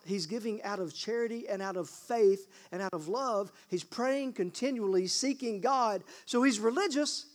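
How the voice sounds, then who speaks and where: High-voiced preacher with a drawl. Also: male voice, fairly bright tone. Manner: emphatic, asks the congregation questions. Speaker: pastor. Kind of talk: sermon.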